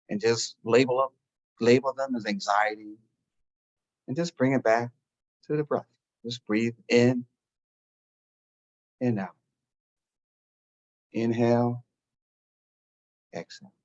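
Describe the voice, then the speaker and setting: A man guiding a listener through a calm breathing and relaxation meditation, giving slow, soothing instructions. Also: medium pitch, highs cut off. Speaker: meditation guide. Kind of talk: guided meditation.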